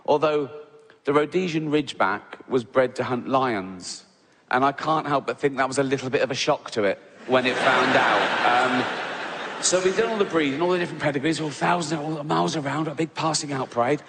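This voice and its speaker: A man's voice: medium pitch, a little fast, background noise. A man doing stand-up comedy, rambling and self-interrupting, with lots of swearing. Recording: reverberant live venue with loud ambience.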